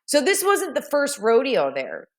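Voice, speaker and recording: A woman's voice: sits high, huge pitch swings, unhurried. A woman vlogger telling a rambling, self-mocking story in a casual voice-over.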